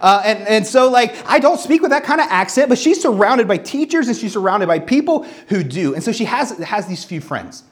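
A pastor in their thirties delivers an earnest sermon at a mid-range pitch. The voice rises and falls a lot, and they repeat words for emphasis while reading scripture aloud between personal stories. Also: sing-song, fairly quick, hardly any pauses.

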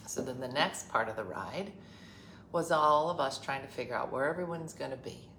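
A middle-aged woman hosting a casual chat, telling a family story in a wry, deadpan way and acting out the arguments. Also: very deep voice, moderate pace, slight background noise. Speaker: podcast host. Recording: roomy echo, faint background ambience.

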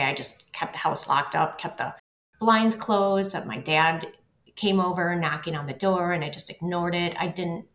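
A woman telling her own story as an interview guest, halting and repeating words as she goes. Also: lowish voice, a bit bright. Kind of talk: personal storytelling. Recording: roomy echo.

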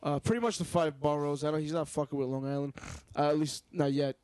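A young man with a New York accent, telling stories in a loose, rambling, profane way. His voice is a bit high for a man. The sound is dry, with no room echo at all. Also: steady tone, fast talker, darkish tone. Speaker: podcast co-host. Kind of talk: casual chat.

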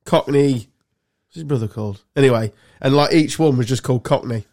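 A man's voice: mid-range voice, a little mellow. A man, co-hosting a casual podcast chat with banter and blunt asides. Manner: banterish, swearing, quick asides. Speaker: podcast co-host.

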